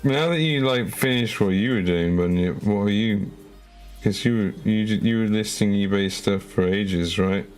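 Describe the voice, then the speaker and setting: Low-voiced guy chatting to stream chat while painting, rambly and self-mocking, stumbles over words. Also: normal speed, a little mellow, faint music behind. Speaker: live-streaming miniature painter. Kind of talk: casual chat with a live-stream chat.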